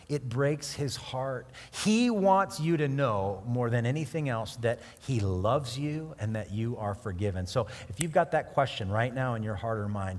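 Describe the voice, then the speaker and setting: A man preaching a sermon in an earnest, conversational way that rises to emphatic peaks. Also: medium pitch. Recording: long hall reverb.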